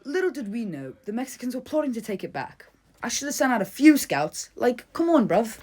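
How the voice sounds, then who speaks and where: A woman's voice: fairly high pitch, big pitch swings, brisk, a little mellow, breathy edge. A young woman playing a blunt, curt colonel in an amateur history comedy sketch. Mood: matter-of-fact. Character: brash colonel, adult man, blunt and curt. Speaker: interviewee in a school history skit.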